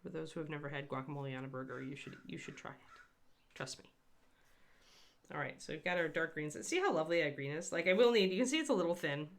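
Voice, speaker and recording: Woman host, low voice with vocal fry; rambling chatty painting demo, talks to chat. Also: expressive, fast talker. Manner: chatty and rambling, answers live chat by name. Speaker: miniature painter hosting a livestream. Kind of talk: casual painting demonstration.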